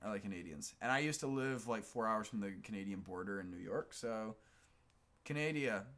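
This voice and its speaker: A man's voice: lowish voice, animated, a little fast, fairly bright tone. A man co-hosting a casual live-stream chat, talking loosely and thinking aloud with plenty of fillers.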